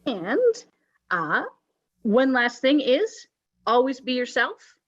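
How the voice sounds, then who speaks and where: A woman's voice: high voice, very animated, slow pace, long pauses. A woman hosting a church service, telling pirate jokes and giving playful announcements. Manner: playful, joking, with pirate banter. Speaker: worship service host. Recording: dull lo-fi recording.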